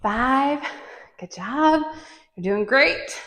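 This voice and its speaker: A woman's voice: sits high, animated, drawn-out words, fairly bright tone, roomy sound. A woman fitness instructor leading a workout, counting reps aloud and encouraging, a bit out of breath as she moves.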